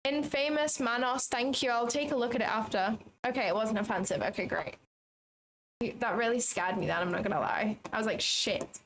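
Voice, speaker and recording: Woman streamer narrating her trades live, chatty and self-mocking, fairly high voice. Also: a little fast, slight background noise. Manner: chatty, thinks aloud, self-deprecating. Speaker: trading livestream host. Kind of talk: live commentary while trading.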